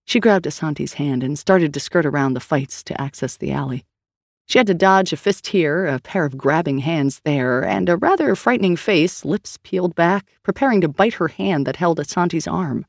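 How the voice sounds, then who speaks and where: Audiobook narrator, woman, steady even read; dry close mic. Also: sits low, moderate pace, gravelly, no echo. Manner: steady storytelling reading. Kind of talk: scripted narration.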